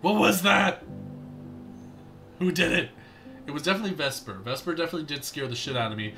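A man streaming a game, chatting casually with viewers, excitable and laughing often. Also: a little high, brisk, soft background music. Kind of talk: casual gameplay commentary.

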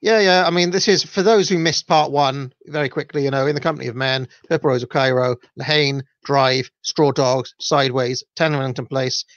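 A man's voice: mid-range voice, steady tone, moderate pace, few pauses, dry recording, highs cut off. A Welsh man hosting his own show, talking casually and rambling with many fillers and self-deprecating asides. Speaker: podcast host. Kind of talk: casual solo livestream talk.

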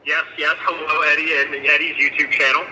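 A man's voice: on the high side, level tone, a little fast, a little hiss or hum. A man talking candidly over a phone call, earnest and a bit rambling. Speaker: caller, fellow truck vlogger. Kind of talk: phone conversation. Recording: bright tinny phone line with reverb.

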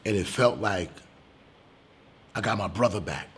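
A male comedian telling a personal story in an interview, animated and casual, swearing now and then and getting loud when excited. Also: fairly low pitch, measured pace, slightly rough.

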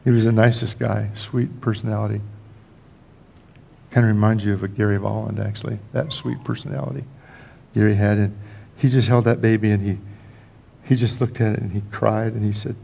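An older pastor delivers a storytelling sermon in a church sanctuary, folksy and full of joking asides and frequent restarts. His lowish voice is mellow and creaky, level in tone and a little fast, with many pauses and a faint hiss or hum.

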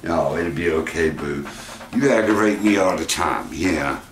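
Slow-talking man chatting to his pet. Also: low-pitched, animated. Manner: affectionate, laughing, talks to his pet. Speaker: pet owner and channel host. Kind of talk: casual home vlog with his pet. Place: indoors at home. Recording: echoey room with background noise.

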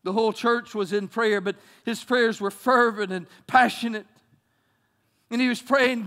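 A man's voice: extremely high pitch, fairly even intonation, measured pace, bright, forceful tone. A man preaching a passionate sermon as pastor in a church, often repeating words as he builds. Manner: impassioned preaching with frequent word repeats.

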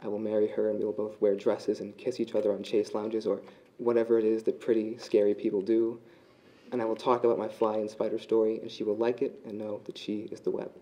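A man reads his own literary fiction aloud at a live reading. His voice is low and very dark and mellow, and his delivery is measured and deadpan. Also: poor audio.

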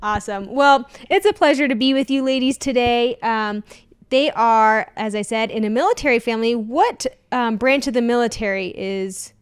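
Woman host, casual interviewer, upbeat and teasing, slightly high-pitched. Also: normal speed, smooth. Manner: upbeat, playful, chatty questioner. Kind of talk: casual family interview chat.

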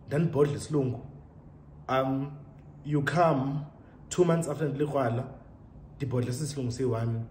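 This young South African vlogger's voice runs on the high side with a mellow quality. He gets ready while laughing and chatting casually through a story, recorded in an echoey room with faint noise.

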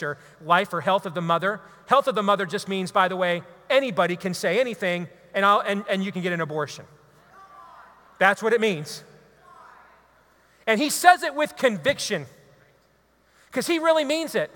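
A man, a radio talk show host, giving an impassioned, preachy talk to a live audience. He is emphatic and builds to loud exhortations. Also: high voice. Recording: long hall reverb.

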